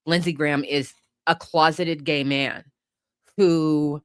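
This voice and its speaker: A woman's voice: sits low, fairly even intonation, takes it slowly, smooth, no room sound, studio quality. A woman hosting a podcast, ranting about politics in a heated, profane way and sometimes laughing at herself. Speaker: podcast host.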